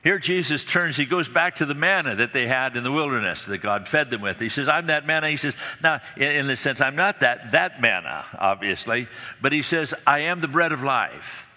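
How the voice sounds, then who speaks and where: A man's voice: mid-range voice, expressive, fairly quick, pushed and bright, long reverb tail. A man preaching a sermon in a conversational, storytelling way, often restarting his sentences.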